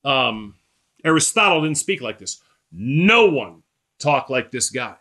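A man preaching a sermon, emphatic and repetitive, slowing and rising on quoted scripture. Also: a little high, sing-song, pushed and bright. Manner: repetitive, rhetorical lists.

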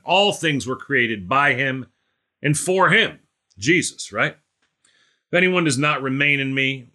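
A man's voice: medium pitch, bright, forceful tone. A man teaching an informal Bible study, emphatic, repeating phrases and calling on listeners by name. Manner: emphatic, repeats phrases, asks the group rhetorical questions.

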